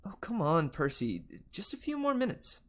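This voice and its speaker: A man voicing a clever, sharp-tongued teenage girl who sounds impatient and dismissive. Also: a little high, wildly swooping pitch, normal speed, exaggerated voice.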